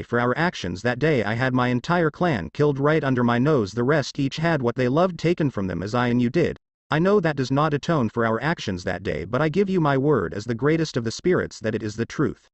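A man's voice: medium pitch, no echo, lo-fi sound, natural voice. Man reading as a remorseful ancient fox spirit woman.

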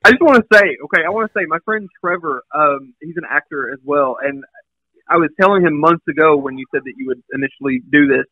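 A high-voiced man talks fast and eagerly, with a husky edge. His tone is bright and the sound is dry and close. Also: no room sound, narrow, tinny audio. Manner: eager, quick recounting of an argument. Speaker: podcast host. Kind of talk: casual interview chat.

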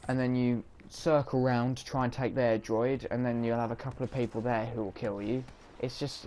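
A man's voice: mid-range voice, a little mellow, a little hiss or hum. A man giving casual, self-mocking commentary while playing a video game, reacting on the fly. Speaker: gaming commentator.

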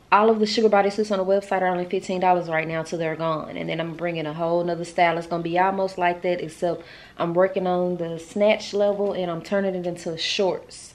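A middle-aged woman, talking casually to camera in a daily vlog, chatty and laid-back. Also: lowish voice. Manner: chatty and laid-back, loud and excited at times. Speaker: vlogger.

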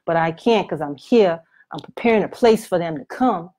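A woman voicing Jesus as a gentle adult man, speaking in an earnest, pleading way. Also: on the low side, lively intonation, normal speed. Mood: instructing.

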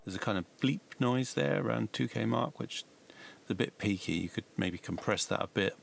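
A man, working as a mastering engineer, giving relaxed, hedged feedback on music mixes. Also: fairly low pitch, normal speed, gravelly. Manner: relaxed, hedging suggestions. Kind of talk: casual spoken feedback.

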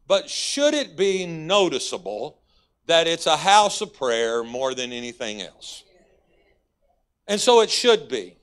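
A man with a fairly high, fairly bright voice and a Texas accent preaches as a guest pastor in church. His delivery is folksy and conversational, rising suddenly for emphasis.

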